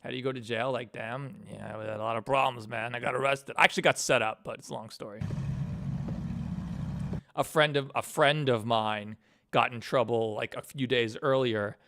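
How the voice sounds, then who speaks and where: Chill guy talking over his animation on stream, swears a lot, laughs, middle-pitched voice. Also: fairly even intonation, normal speed, gravelly, bright, forceful tone, no echo, studio quality. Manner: laid-back, swears casually, laughs often. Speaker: animator and channel host. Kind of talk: casual stream chat.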